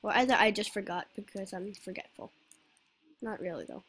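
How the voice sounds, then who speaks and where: A woman's voice: mid-range voice, expressive, fairly quick, fairly bright tone, slightly rough. A woman giving casual, rambling gameplay commentary full of fillers as host of her own channel. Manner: rambling, forgetful, filler-heavy.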